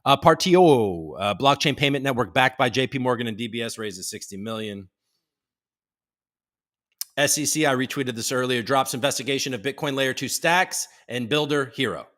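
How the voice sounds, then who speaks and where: A man's voice: mid-range voice, expressive, normal speed, a bit bright. A man hosting a casual livestream, reading news headlines aloud and tossing in joking asides. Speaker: host.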